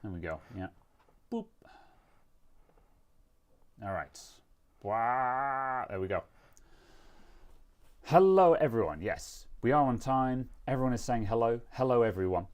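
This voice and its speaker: Deep-voiced British man streaming casually. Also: quick pace, hardly any pauses, darkish tone. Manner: rambling, self-mocking, many restarts. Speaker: streamer host. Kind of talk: casual chat on a live stream.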